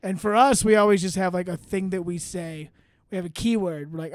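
A man's voice: a little high, flat delivery, brisk, clear, resonant tone, no echo, studio quality. A man hosting a comedy podcast, telling stories in casual chat, swearing freely and laughing often.

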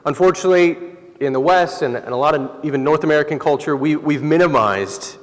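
A pastor preaching in a reverberant hall. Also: male voice, fairly high pitch, fairly quick. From Southern California. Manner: relaxed, conversational storytelling with laughs. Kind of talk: sermon.

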